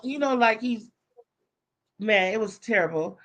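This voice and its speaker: A woman's voice: on the high side, fairly even intonation, moderate pace, a bit bright. A woman live streamer telling a story in casual, profane talk, acting out the voices of the people she quotes.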